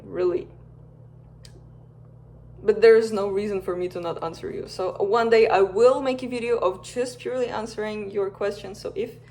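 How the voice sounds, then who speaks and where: Softly reading woman storyteller. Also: mid-range voice, a little hiss or hum. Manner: soft and unhurried, drifting into casual rambling asides. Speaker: fan content creator. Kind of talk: reading a bedtime-story scenario and chatting.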